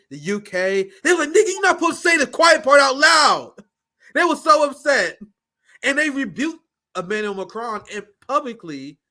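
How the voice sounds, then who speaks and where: A man's voice: high voice, a bit bright. A man hosting a live political talk show, blunt and profane, riffing animatedly and handing over to a co-host. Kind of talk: casual political commentary.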